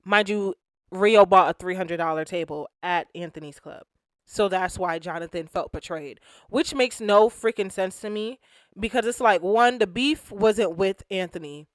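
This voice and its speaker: A woman recaps a reality show in loose, slangy talk and acts out the quotes with plenty of energy. Her voice sits at a middle pitch, and the room around her is dry and close. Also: moderate pace, dry recording. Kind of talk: casual recap commentary.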